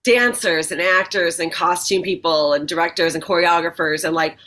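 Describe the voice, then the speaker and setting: A woman's voice: fairly low pitch, fairly even intonation, moderate pace, a bit bright. A woman in her forties, a stand-up comedian, chatting casually as an interview guest, laughing often and swearing freely. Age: 40s.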